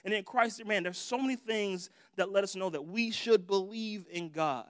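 High-voiced man preaching casually. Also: normal speed, dry recording, clean studio sound. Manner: conversational, acts out prayers and voices. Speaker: pastor. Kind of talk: sermon.

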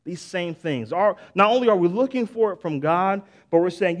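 With a high-sitting, animated voice, this middle-aged pastor preaches at a moderate pace with few pauses. His sermon feels like a conversation, sprinkled with "man" and "right?", restarting sentences and suddenly bursting into emphasis.

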